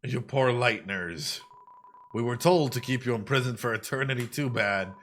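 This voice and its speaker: Dude putting on a smug mocking guard, slow and gloating, bright edge. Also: male voice, medium pitch, slight background noise, voice pushed down, close to an everyday voice. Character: gloating male jail guard villain. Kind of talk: reading game dialogue aloud in character.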